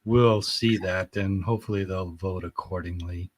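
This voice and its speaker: A man's voice: low voice, fairly even intonation, moderate pace, no room sound. Rambling, earnest man talking as a guest. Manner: rambling and searching for words, with frequent restarts; earnest and enthusiastic, with loud bursts of laughter. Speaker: podcast guest. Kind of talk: casual conversation.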